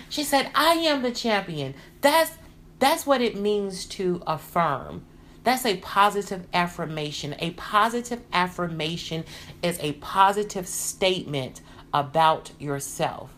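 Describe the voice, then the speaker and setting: A woman hosting a motivational podcast, talking in an earnest, encouraging way that grows lively when she gets excited. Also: lowish voice, slight background noise. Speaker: podcast host.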